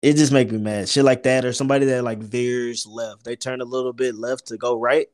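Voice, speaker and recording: A man's voice: medium pitch, flat delivery, fairly quick, darkish tone. Profane, laid-back podcast co-host man. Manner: loose, profane storytelling. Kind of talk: casual chat.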